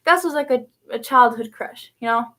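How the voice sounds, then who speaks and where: A woman's voice: fairly high pitch, normal speed, a bit bright. A woman vlogger telling a personal story in a rambling way, full of fillers and restarts. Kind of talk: casual storytelling vlog.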